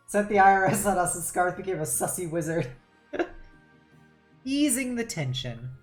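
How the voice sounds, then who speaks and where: A woman's voice: lowish voice, expressive, moderate pace, soft background music. A woman streaming a game live, reading its text aloud in a playful, mock-dramatic way and laughing often.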